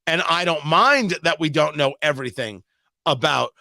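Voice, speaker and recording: A male radio host with a high, bright voice that leaps around as he comments live on breaking news. He talks in an animated, joking way, close on a dry studio mic. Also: vocal fry, no echo. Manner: animated, joking, quick asides. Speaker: radio talk show host.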